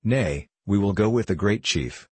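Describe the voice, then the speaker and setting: Cowed servant man, gasping and pleading, low husky voice, read by a man. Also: expressive, a little slow, no echo, full character voice. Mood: frightened. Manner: gasping, submissive.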